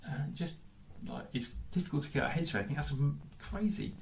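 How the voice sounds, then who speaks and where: Speaking a little high and fairly quickly, with lively intonation and vocal fry, an English man gives a sermon as pastor in an echoey church hall, with slight background noise. He muses out loud, full of questions and repeated "I don't know"s.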